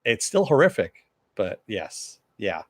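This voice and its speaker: A man's voice: on the low side, very animated, slow pace, no room sound, clean studio sound. Rambling man recapping an episode. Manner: rambling, with many fillers; answers viewer chat. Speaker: TV show reviewer.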